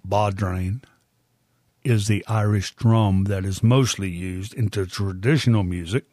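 Slow, folksy older man hosting. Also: on the low side, fairly even intonation, a little mellow, dry recording, clean studio sound. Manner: unhurried, folksy and chatty. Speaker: music show host. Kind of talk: casual spoken introduction of music.

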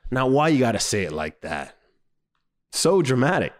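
A man reviewing a series in a loose, joking way, swearing freely and mocking what he saw. His voice sits in an ordinary middle pitch but leaps high when he does impressions. He talks in a lively, conversational way. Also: moderate pace. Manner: animated, profane, mocking, jumps into high squeaky voices when quoting. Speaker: show reviewer. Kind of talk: casual comedic commentary.

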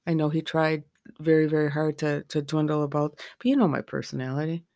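A woman's voice: sits low, a little fast, dark tone, no echo, clean studio sound. A middle-aged woman hosting a podcast, talking frankly and candidly from her own experience. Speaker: podcast host. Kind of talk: candid personal podcast talk.

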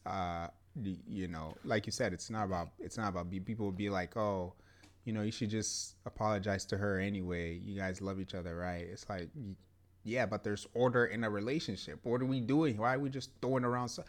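A young man with a fairly low voice co-hosts a relaxed podcast conversation. He talks emphatically and circles back on his points, stacking up "yeah"s as he goes. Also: a little fast. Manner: emphatic, repeats "yeah" and "to be honest". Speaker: podcast co-host. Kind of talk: casual chat.

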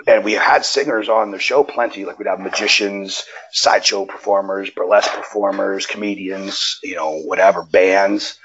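A man guest on a wrestling interview, telling stories in a casual, profane and animated way, his pitch jumping up when he gets excited. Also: normal speed, few pauses, dull audio, background noise. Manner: animated, profane storytelling with sudden jumps in pitch. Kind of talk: casual storytelling chat. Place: Nevada.

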